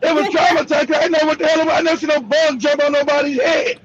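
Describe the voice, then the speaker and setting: A male host who talks loudly with profanity and often shouts through animated retellings. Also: extremely high pitch, racing, highs cut off, heavy background noise. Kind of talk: heated live broadcast talk.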